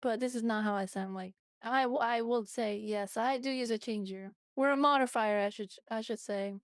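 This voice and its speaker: A woman chatting casually on a reaction stream, her voice pitched up a little by a voice modifier. The sound is dry and close. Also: normal speed, no echo. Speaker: VTuber co-host.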